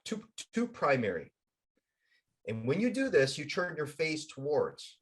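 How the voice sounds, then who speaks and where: An energetic, emphatic man on a podcast, his voice a bit high and swinging widely in pitch. He tells stories and makes his points with vivid, animated emphasis. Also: unhurried. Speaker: podcast guest and coach. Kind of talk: animated storytelling and plugs.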